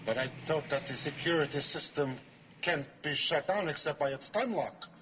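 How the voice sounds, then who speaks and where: A man's voice: on the high side, normal speed, a bit bright, close to an everyday voice. An actor playing a deferential male henchman who hesitantly objects to his boss. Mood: doubtful. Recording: dull 1960s TV soundtrack with hiss.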